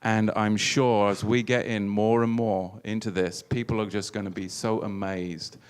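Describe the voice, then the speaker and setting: A man's voice: fairly low pitch, little pitch movement, normal speed, smooth. A man hosting a religious teaching talk, earnest and preacherly, often repeating his words as he builds a point. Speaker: host.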